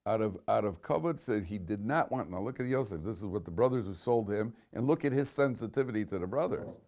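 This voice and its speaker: A man teaching a lively Torah class as a rabbi, telling stories, restarting his sentences and chanting Hebrew verses slowly. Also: fairly low pitch.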